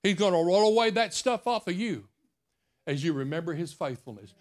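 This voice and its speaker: Man, sermon, folksy, quiet and personal, slightly high-pitched. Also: fairly quick. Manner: folksy storytelling, quiet and intimate. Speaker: preacher. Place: church.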